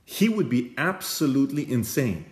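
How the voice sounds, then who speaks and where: A man's voice: medium pitch, moderate pace. A man hosting and giving a motivational talk, telling stories in an emphatic and direct way. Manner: emphatic storyteller, lively and direct. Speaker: host. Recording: echoey room.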